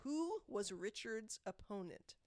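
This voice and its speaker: A woman's voice: medium pitch, very animated, slow, darkish tone, no echo. A woman hosting a trivia segment on a podcast, reading questions in a wry, teasing way. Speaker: quiz host.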